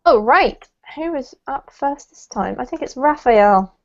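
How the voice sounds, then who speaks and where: A woman's voice: high-pitched, lively intonation, a little slow. A woman teaching English pronunciation in an online class, chatty and encouraging, with a light laugh. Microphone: video call. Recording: dull lo-fi call audio.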